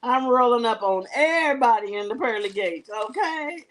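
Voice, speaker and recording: A woman's voice: fairly high pitch, animated, normal speed. A woman hosting a live jewelry sales show, chatting and laughing as she tells stories between items. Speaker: live shopping show host.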